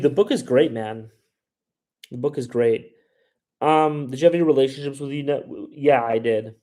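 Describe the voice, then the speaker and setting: A man's voice: medium pitch, darkish tone. A man hosting a travel livestream, answering viewer questions in a loose, rambling way, full of "like" and "you know what I mean". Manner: rambling, frequent "like" and "you know what I mean", puts on voices when quoting people. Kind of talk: casual livestream chat reading viewer questions.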